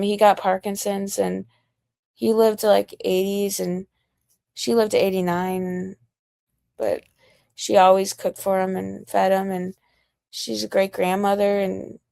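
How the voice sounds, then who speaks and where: A woman's voice: medium pitch, little pitch movement, measured pace, gravelly, warm tone, no room sound. Profane, rambling American woman streamer. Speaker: livestreamer. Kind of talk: casual livestream rant.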